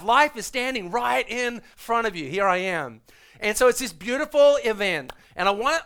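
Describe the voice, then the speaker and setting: Animated, high-voiced male pastor preaching. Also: clear, resonant tone. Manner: animated, acts out quotes, repeats words. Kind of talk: sermon.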